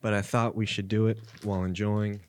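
A young man co-hosting a casual podcast, talking in a halting, sincere way with pauses mid-sentence. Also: lowish voice, little pitch movement, a little mellow. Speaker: podcast co-host. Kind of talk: casual chat.

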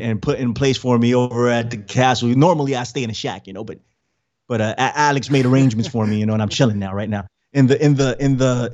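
This podcast host talks at a medium pitch, and the recording sounds lo-fi. Greeting viewers on his casual livestream, he rambles, repeats himself, and gives friendly shout-outs to the chat.

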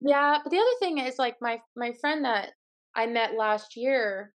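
A woman's voice: on the high side, animated, a little slow. A woman in her twenties, a podcast guest, chatting casually and candidly, acting out quoted lines in her own voice. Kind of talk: casual chat.

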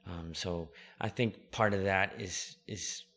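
Pria 50-an bersuara cerah dan tajam. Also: male voice, low-pitched, fairly even intonation, slow pace, fairly bright tone. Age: 50s. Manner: humble, rambling, many fillers. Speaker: podcast guest, company founder. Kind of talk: casual interview chat.

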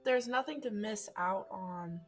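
A woman's voice: medium pitch, a little slow, soft background music, lightly acted. A woman voicing a blunt divorced mother who talks in a rambling way. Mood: earnest.

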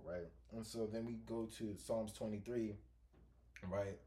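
A young man co-hosting a faith podcast, talking with passion and preaching, swinging between soft, slow stretches and loud, lively bursts. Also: lowish voice. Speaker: podcast co-host.

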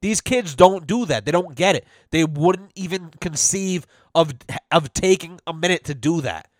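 A young man rants on his podcast with a slightly high voice, swearing freely and acting out the people in his stories. The sound is dry and close, with no room around it. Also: normal speed, dry recording. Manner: profane, animated storytelling with quoted voices. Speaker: podcast host. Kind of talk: casual ranting monologue.

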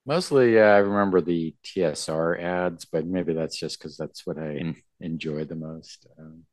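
Casting note: man, very deep voice, slow and halting co-host delivery, dry close sound. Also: darkish tone, no room sound. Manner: slow, halting, many fillers and restarts. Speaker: podcast co-host. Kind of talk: casual chat.

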